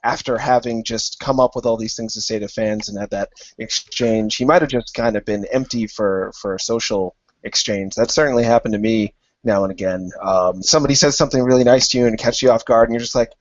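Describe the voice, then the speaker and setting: A man hosting a podcast, asking easygoing, drawn-out questions in casual chat. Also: mid-range voice, no echo. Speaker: podcast host. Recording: dry, slightly dull podcast audio.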